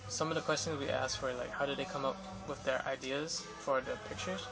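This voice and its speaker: In a casual vlog from the Los Angeles area, a young man rambles through an account of interviewing photographers, full of fillers and restarts. His medium-pitched voice is steady, brisk, and shows vocal fry. Music plays behind him on a low-quality recording.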